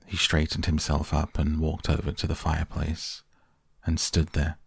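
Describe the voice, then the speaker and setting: A man reads a classic novel aloud for bedtime, slow, soft and measured. His voice is extremely deep with a gravelly, husky edge, recorded close and dry. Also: monotone, no echo. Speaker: podcast reader. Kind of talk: softly read bedtime audiobook.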